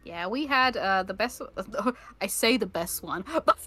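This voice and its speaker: Bright-voiced woman chatting, laughing, halting. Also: medium pitch, lively intonation, faint music behind. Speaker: vtuber in an interview. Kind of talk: casual chat.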